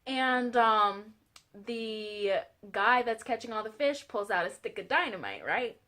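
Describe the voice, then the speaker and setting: Fast-talking woman preaching casually. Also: medium pitch. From Southern United States. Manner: fast-talking, animated storyteller. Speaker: lay preacher. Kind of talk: casual faith testimony vlog.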